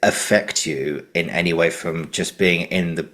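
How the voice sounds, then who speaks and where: A man's voice: sits low, a little slow, fairly bright tone. A British man hosting a podcast interview, talking in a rambling way with lots of restarts and "you know". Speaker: podcast host. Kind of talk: casual interview chat.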